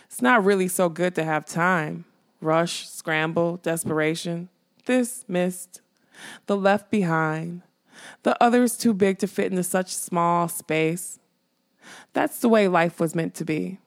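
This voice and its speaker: A woman reading an audiobook, voicing a mocking dead male skull that guards a castle, in a slow teasing drawl. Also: fairly low pitch. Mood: reflective.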